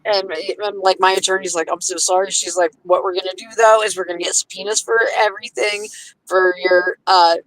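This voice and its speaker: A woman's voice: on the low side, flat delivery, a little fast, a crowd in the background, low-quality recording. A woman telling her story on a podcast in casual chat, heated and profane, often acting out what others said.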